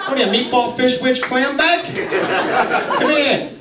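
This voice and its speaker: A man's voice: very high voice, unhurried, over a noisy crowd, very noisy, pitched above the performer's own voice. A man putting on a brash Boston tough guy with a Boston accent, barking goofy insults on stage. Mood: taunting. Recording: roomy live club, from far off.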